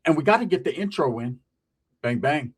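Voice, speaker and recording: A male host talks in a high, lively voice. He tells a comic family story in a casual, slang-heavy, profane way. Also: normal speed. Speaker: comedic storyteller, channel host.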